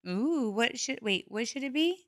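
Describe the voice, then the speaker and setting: A middle-aged woman hosting a casual podcast, with a bright, fairly high voice. She talks bluntly and animatedly, swearing as she tells stories. The sound is dry and close. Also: expressive, moderate pace, no room sound. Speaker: podcast host. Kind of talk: casual chat.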